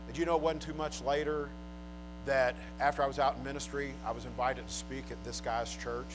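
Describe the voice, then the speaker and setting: A man preaching a sermon, emphatic and joking, swinging between hushed confessions and loud declarations. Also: medium pitch, fast, music in the background, low-quality recording.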